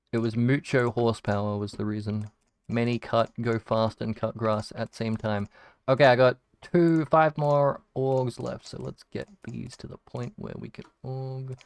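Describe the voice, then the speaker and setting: A man's voice: mid-range voice, clean tone, no room sound. An Australian man, a gaming streamer, telling rambling stories while he plays, swearing casually and acting out what people said. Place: home room converted from a shed.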